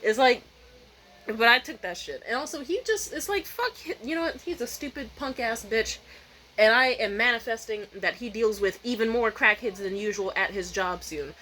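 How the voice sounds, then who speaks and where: Bright-voiced young woman ranting profanely. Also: a little high, moderate pace, slight background noise, rough recording. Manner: profane, animated storytelling with mimicked voices. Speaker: vlogger. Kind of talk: casual vlog rant. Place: home at night.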